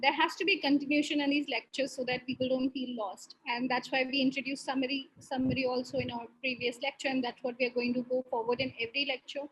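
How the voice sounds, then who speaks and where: Woman, spirit medium, relays quoted messages, frequent laughter, high voice. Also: little pitch movement, quick pace, few pauses, a bit bright, slightly rough, low-quality recording. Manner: relays quotes as "he's saying", laughs often. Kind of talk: relaying a spirit's words in conversation.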